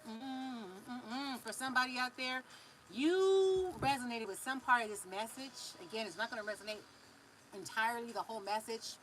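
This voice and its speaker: Humming, animated Californian woman giving a reading. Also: on the high side, moderate pace, slight background noise, poor audio. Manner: animated, drawls words, hums and affirms. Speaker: spiritual reader. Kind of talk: live psychic reading.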